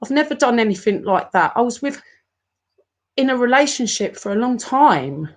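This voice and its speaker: A woman's voice: on the high side, big pitch swings. Upset woman in her forties ranting. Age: 40s. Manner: upset, halting, repeats herself. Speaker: YouTuber. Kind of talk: emotional live-stream rant.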